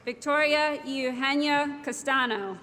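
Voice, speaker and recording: A woman reading out graduates' names one by one at a commencement, slow and measured, over a podium microphone. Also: sits high. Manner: slow, measured name-by-name announcing. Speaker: commencement name reader. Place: large ceremony hall. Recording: echoey hall with loud crowd ambience.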